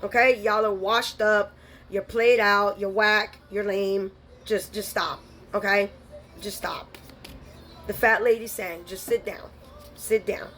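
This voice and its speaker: A woman's voice: medium pitch, fairly even intonation, slow pace, fairly bright tone, a little hiss or hum. A woman giving a spiritual tarot reading, blunt and scolding, full of streetwise slang. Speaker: tarot reader.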